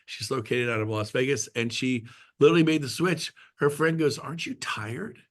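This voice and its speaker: A man's voice: mid-range voice, brisk. Chatty joking man on a call. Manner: chatty storyteller, jokey, acts out quotes. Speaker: guest speaker at a real estate team meeting. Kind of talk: casual talk on a video call.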